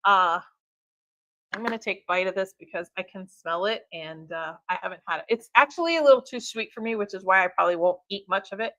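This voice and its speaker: A woman's voice: mid-range voice, a little fast, pushed and bright, no room sound. A woman hosting a live stream for her tea shop, talking in a chatty, upbeat way with fillers and laughs. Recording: dull lo-fi stream audio.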